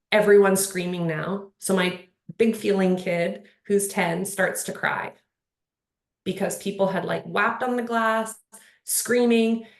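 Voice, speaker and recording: Woman, panel speaker, mid-pitched, earnest, rambling, filler-heavy, roomy echo. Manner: earnest, rambling, many fillers like "like" and "you know". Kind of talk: casual panel conversation.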